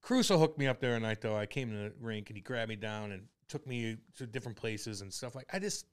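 Male podcast co-host, animated storyteller who swears freely, smooth clear voice. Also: fairly low pitch, fast talker. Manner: animated storyteller, swears a lot, acts out quotes. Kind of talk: casual banter.

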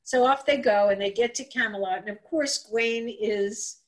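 A woman telling a folk tale aloud on a live stream, in an animated, chatty way with asides and restarts. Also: fairly high pitch, moderate pace, rough recording. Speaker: storyteller. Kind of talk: casual live-streamed storytelling.

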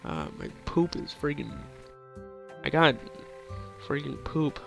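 Hyper giggly young man, high voice. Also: big pitch swings, takes it slowly, vocal fry, faint music behind. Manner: hyper, giggly, crude, rambling. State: sore throat. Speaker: gaming YouTuber. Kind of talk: hyper casual gameplay commentary.

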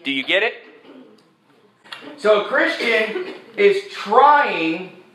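A man preaching a sermon, animated and joking, who jumps from point to point. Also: sits high, drawn-out words, a little hiss or hum. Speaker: pastor. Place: church sanctuary. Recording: echoey church sanctuary.

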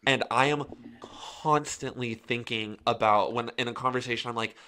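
Man, guest actor, bright tense voice, quick joker, animated storyteller, middle pitch. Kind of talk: casual interview storytelling.

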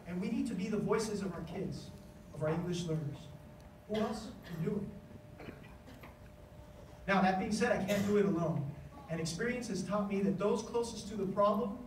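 A man's voice: high voice, distant mic, slight background noise. Man speaking animatedly in an echoey hall. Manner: animated storytelling, acts out quoted voices. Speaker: education official giving a speech. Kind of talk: conference speech. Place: conference hall.

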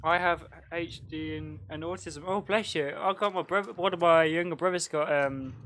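A man live-streaming a game, giggling constantly and yelping excited exclamations between casual chat. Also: fairly high pitch, normal speed, a little hiss or hum. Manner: giggly, laughing through his words.

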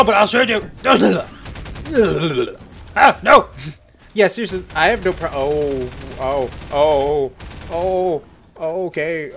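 This let's-play gamer has a creaky, fairly bright voice over slight background noise. He's young and keeps up loose, foul-mouthed commentary while he plays, cracking jokes, laughing often and letting out squeaky yelps when something makes him jump.

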